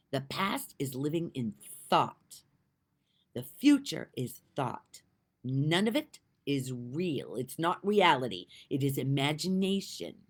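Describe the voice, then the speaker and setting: A middle-aged woman giving a heartfelt inspirational talk, earnest and emotional, moving between soft and emphatic delivery. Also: deep voice. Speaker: spiritual speaker.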